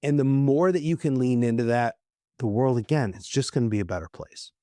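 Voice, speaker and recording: A man's voice: mid-range voice, brisk, dark tone, no echo, clean studio sound. A man speaking as a podcast guest, earnest and emphatic, often repeating words for stress. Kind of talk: conversational podcast talk.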